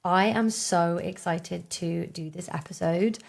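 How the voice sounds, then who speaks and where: A woman's voice: on the low side, fairly even intonation, a little slow, creaky. A woman in her thirties hosting her own podcast outdoors on a windy day, talking in a chatty, upbeat way with plenty of fillers. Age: 30s. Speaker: podcast host. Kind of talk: casual solo podcast talk.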